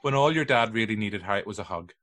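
Bright-voiced podcast host. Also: male voice, on the low side, lively intonation, fast talker. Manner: rambling, jokey, goes off on tangents. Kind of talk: casual chat.

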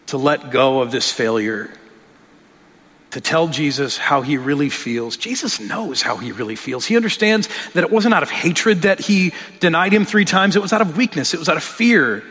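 A man's voice: fairly high pitch, fairly bright tone, slightly rough. A male pastor preaching a sermon in an earnest, conversational way, often restarting his phrases. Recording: long reverb of a large hall.

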